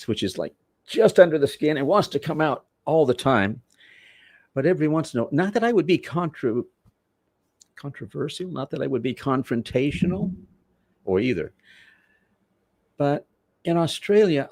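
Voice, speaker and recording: A man from Manchester, England, telling rambling, animated stories as a wrestler guest in an interview. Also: medium pitch, no room sound, studio quality. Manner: rambling, animated, self-correcting storyteller. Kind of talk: interview storytelling.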